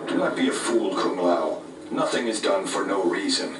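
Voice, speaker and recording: Solemn ninja with a Southern drawl. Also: male voice, sits low, animated, moderate pace, loud music behind the voice. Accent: American Southern. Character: stern male ninja warrior with a southern drawl. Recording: echoey game audio under loud noise.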